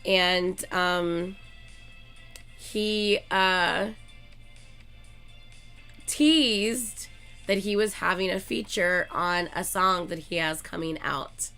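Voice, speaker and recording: A woman hosting her channel in a casual chat with viewers, excitable and gushing like a fan, swearing often and filling her talk with "like.". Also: lowish voice, extremely slow, pauses often, clean tone, soft background music. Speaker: channel host chatting with viewers.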